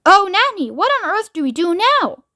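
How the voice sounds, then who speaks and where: A panicky, whining president pleads and squeals, as a woman reader plays him. The voice sits very high, and the sound is dry and close. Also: animated, brisk, a bit bright, dry recording. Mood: whiny. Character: whiny, frightened man president.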